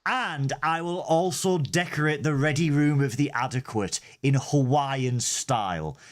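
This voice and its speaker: A man's voice: a little high, measured pace. A man co-hosting a casual review show. He sounds exasperated and theatrical, and swears freely. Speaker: podcast co-host.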